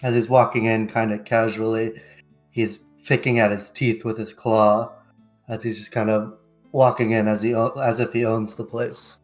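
A man's voice: fairly low pitch, little pitch movement, normal speed, faint music behind. A man playing a tabletop game, describing his character in a casual, hesitant way. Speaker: player. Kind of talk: tabletop role-play.

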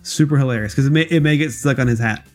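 A man's voice: medium pitch, fast, soft background music. A young man co-hosting a casual comedy podcast, jokey and laughing often. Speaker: co-host.

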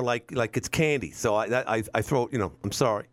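A man in his fifties hosts a talk radio show, wandering through a casual monologue with wry humor and repeated words. He speaks a little fast in a mid-range voice, picked up by a studio microphone with no room sound.

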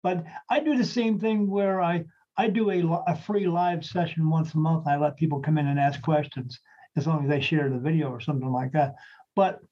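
Guy medium rambling thru a story, husky voice, kinda high, clears his throat a lot, dull lo-fi sound. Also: moderate pace. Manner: rambling, restarts sentences, clears throat often. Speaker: spirit medium, podcast co-host. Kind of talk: casual storytelling chat.

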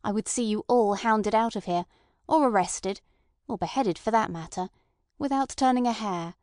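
A woman's voice: medium pitch, normal speed, darkish tone, no room sound, clean studio sound, natural voice. A woman voicing a small, detached man who talks with lofty scorn and no feeling. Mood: scornful. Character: cold scornful small male bomb-maker.

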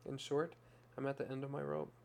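A man's voice: medium pitch, big pitch swings, brisk, a little mellow, slight background noise, lightly acted. A man voicing a desperate young mother who pours out a raw, plain-spoken confession in a story reading. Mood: despairing.

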